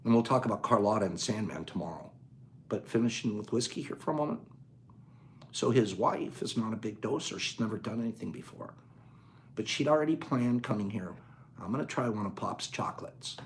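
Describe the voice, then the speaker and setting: A man's voice: lowish voice, animated, a little fast, slight background noise. Laughing, rambling male storyteller. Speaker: host. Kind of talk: casual storytelling chat.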